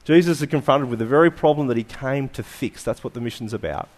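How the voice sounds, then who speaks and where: A man preaching a sermon, asking rhetorical questions and letting his phrases fall to quiet endings. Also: mid-range voice, quick pace.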